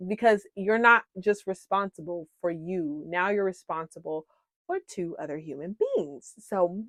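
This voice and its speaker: Woman, 30s, casual self-help vlog, low-pitched, says "y'all", filler-heavy, dry close mic. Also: animated, unhurried, fairly bright tone, no room sound. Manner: frequent "um", addresses viewers as "y'all", laughs at herself. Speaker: wellness vlogger sharing coping skills. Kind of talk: casual heartfelt talk to viewers.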